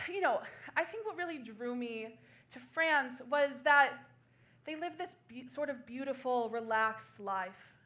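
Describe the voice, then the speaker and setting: A woman in her twenties performing a solo comedy show on a small theater stage, laughing through quick self-deprecating asides. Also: sits high, a bit bright. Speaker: stand-up comedian.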